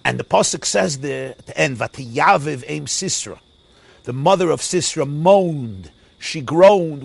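Animated rabbi, lively sing-song lecture. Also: male voice, fairly high pitch, a little slow, vocal fry, no echo. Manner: animated, sing-song preaching with Yiddish and Hebrew terms. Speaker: rabbi teaching a Torah class. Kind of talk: Torah lecture.

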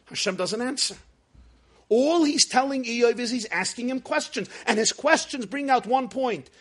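Torah teacher, male, very high voice, emphatic, wry lecture delivery. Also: lively intonation, normal speed, fairly bright tone. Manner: emphatic, repeats words for stress. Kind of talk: scripture lecture.

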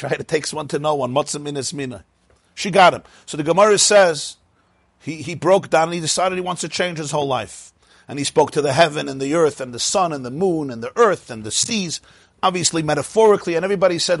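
A man's voice: fairly high pitch, creaky, husky, dry recording. A man teaching a Talmud and Chassidus class, telling the story with laughing asides and mixing Hebrew and Yiddish terms into his English. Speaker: Torah teacher.

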